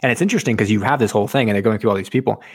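A man's voice: lowish voice, racing, a little mellow, husky, dry recording, studio quality. A man hosting a podcast, rambling through movie trivia in casual chat with jokey asides. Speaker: podcast host.

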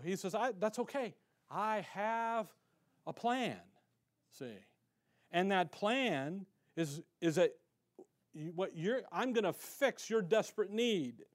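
A man preaching an animated sermon as pastor, swinging between loud emphasis and quiet asides, self-described as getting excited. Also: high voice. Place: church sanctuary.

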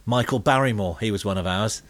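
A middle-aged British man on a comedy podcast, telling deadpan, rambling anecdotes full of fillers. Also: lowish voice, brisk, no room sound. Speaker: podcast co-host telling comic stories.

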